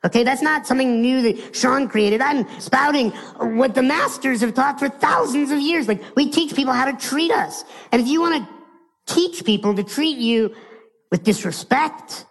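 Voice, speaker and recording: A man's voice: extremely high pitch, moderate pace, creaky, fairly bright tone, big-room sound. An American man giving a live motivational keynote, telling stories playfully and speaking straight to his audience. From United States.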